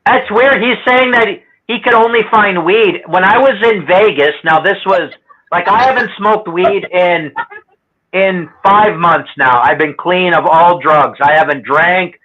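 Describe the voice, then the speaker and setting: A man's voice: high voice, a little slow, a little hiss or hum. A man from Canada telling rambling, profane stories in casual chat and acting out other people's lines. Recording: muffled lo-fi audio.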